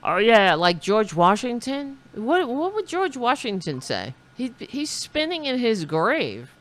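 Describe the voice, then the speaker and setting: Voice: medium pitch, sing-song, unhurried, fairly bright tone. A comedic commentator reacting to clips with sarcastic, mocking remarks and repeated quotes.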